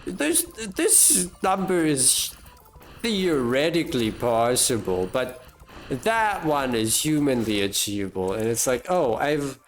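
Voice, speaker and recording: Slow, rambling game streamer. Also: medium pitch, very animated, faint music behind. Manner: rambling, self-amused musing with restarts. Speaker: live streamer playing a video game. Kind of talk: casual live-stream commentary.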